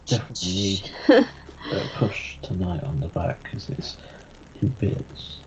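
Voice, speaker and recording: A man's voice: sits low, huge pitch swings, measured pace. A man hosting his own channel's live watch-along, laid-back and jokey. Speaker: channel host. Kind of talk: casual chat. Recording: muffled stream audio with faint hiss.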